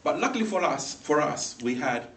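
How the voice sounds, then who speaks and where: A man giving a humorous personal story as a speech, animated and acting out the people in it. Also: a little high, normal speed. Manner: animated, acts out voices in the story, laughs along. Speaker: speaker at a speaking club. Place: meeting room. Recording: echoey room, mic far off, faint noise.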